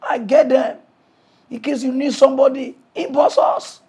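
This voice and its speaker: High-voiced Nigerian Pidgin comic. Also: male voice, moderate pace, slightly rough. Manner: animated, laughing, swings between shouting and muttering. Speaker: comedian hosting a mock news show.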